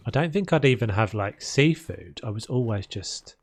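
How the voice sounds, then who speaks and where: A man's voice: fairly low pitch, expressive, moderate pace. A man streaming a video game, chatting casually and rambling between topics as he builds. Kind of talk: casual chat while playing.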